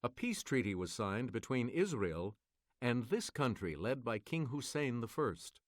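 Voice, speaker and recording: A man hosting a game show, reading quiz clues in a measured, formal manner. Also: medium pitch, big pitch swings, no echo, studio quality.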